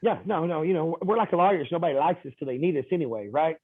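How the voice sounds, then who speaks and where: A man, an insurance agent guest, telling lively anecdotes in a casual interview, acting out quoted lines, with ums and uhs. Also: a little high, quick pace, husky, dry recording. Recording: tinny phone-like line.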